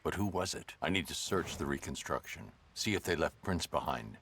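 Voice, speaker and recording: An actor playing a brooding masked vigilante detective, speaking in terse, low, deliberate lines. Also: male voice, animated, over music. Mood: grim. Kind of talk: video game voice acting. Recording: game audio with noise.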